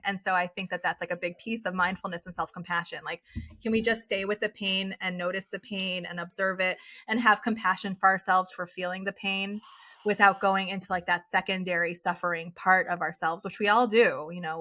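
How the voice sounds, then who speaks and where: A woman's voice: on the low side, pushed and bright. A woman psychologist talking as an interview guest, earnest and full of "like" and "you know" fillers. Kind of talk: casual interview conversation.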